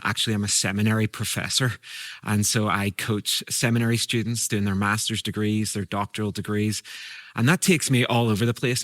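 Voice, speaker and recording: A man from Europe, a guest preacher telling stories in a sermon, moving between brisk asides and slow, emphatic lines. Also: lowish voice, fairly bright tone, dry recording, clean studio sound.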